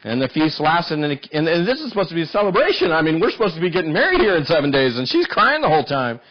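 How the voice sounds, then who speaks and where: A male preacher with a fairly high, very lively voice that swings up and down as he retells a story. He often restarts and repeats words mid-sentence. The recording sounds dull and lo-fi. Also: fast talker. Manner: animated storytelling with frequent restarts. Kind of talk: sermon.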